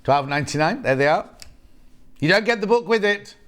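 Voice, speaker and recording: Guy hosting a shopping channel, kinda high voice, bouncy and jokey. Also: lively intonation, a little fast, fairly bright tone. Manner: chatty and jokey, laughing easily. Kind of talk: live shopping channel chat.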